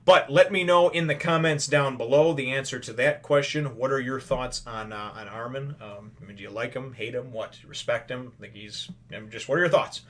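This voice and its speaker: A man with a medium-pitched, fairly bright voice talks at a moderate pace, barely pausing. On his own channel he rambles loosely through an anime episode in a casual spoken review, often dropping "you know" and "right?" and addressing viewers as brothers and sisters.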